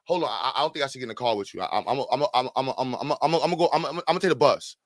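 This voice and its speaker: A man's voice: medium pitch, no room sound, studio quality, pitched below the performer's own voice, close to an everyday voice. A man voicing a nervous passenger who stutters while backing out of a car ride. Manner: stuttering, hurried.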